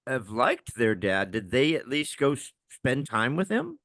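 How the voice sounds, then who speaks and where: A man's voice: mid-range voice, wildly swooping pitch, unhurried, fairly bright tone, dry recording, studio quality. A man hosting a podcast interview, chatty, chiming in with asides and follow-up questions. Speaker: podcast host. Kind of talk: casual interview chat.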